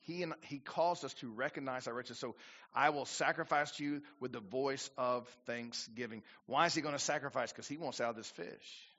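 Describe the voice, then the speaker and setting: A man's voice: medium pitch, brisk, sharp tone. A man preaching a sermon as pastor, building to emphatic bursts and acting out quoted prayers. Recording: dull lo-fi church recording.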